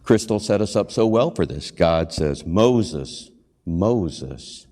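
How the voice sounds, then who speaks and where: A man's voice: deep voice, expressive, slow, warm tone. A man giving a sermon, an earnest preacher and hospital chaplain who asks his listeners questions and briefly acts out the lines he quotes. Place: church sanctuary. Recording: long hall reverb.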